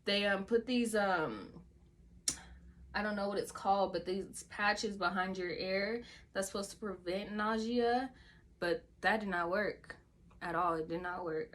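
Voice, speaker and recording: A young woman vlogger telling a casual story, acting out what she and others said with raised pitch and whispers. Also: unhurried, fairly bright tone. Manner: acts out her own quotes with rising pitch and whispers.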